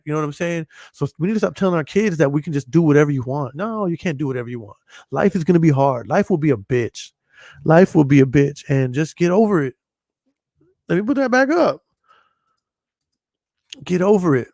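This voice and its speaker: A man's voice: on the high side, lively intonation, fairly quick, pauses often, darkish tone, no echo, clean studio sound. A man hosting a podcast and talking casually, blunt and profane, rambling with frequent restarts. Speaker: podcast host. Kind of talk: casual chat.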